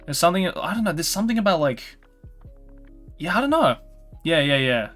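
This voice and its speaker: A man's voice: fairly high pitch, sing-song, fairly quick, a bit bright, soft background music. A young man with an Australian accent, chatting casually as a stream host, rambling with fillers and restarts. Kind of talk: casual chat.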